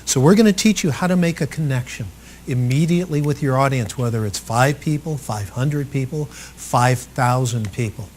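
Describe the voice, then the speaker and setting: A man coaching trainees on public speaking in a live workshop talk, animated and expressive, swinging between loud and soft for emphasis. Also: on the high side, moderate pace, slight background noise. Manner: animated and expressive, acts out quotes.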